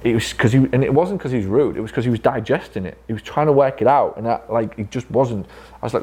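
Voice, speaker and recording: A fast-talking man with a medium-pitched, a little mellow voice addresses staff in a physiotherapy clinic room. His casual training talk is blunt and full of swearing, and he acts out dialogue as he goes.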